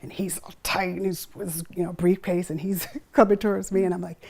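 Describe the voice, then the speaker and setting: A middle-aged woman with a fairly low voice tells a story in a relaxed interview. She acts out what people said, jumping up and down in pitch and laughing between lines. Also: fast talker, few pauses. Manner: animated, acts out quotes with pitch swings and laughter. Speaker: guest.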